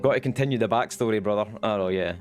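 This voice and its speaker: A man's voice: fairly low pitch, quick pace, music in the background. A young Scottish man chatting casually on his live stream, rambling and swearing now and then. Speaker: Twitch streamer.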